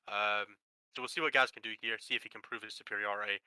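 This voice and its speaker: A man's voice: on the low side, steady tone, fast, bright, forceful tone, clear, resonant tone, no room sound, rough recording. A man with a Scottish accent giving casual, joking live commentary on a tabletop wargame. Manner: joking, laughing, teasing banter.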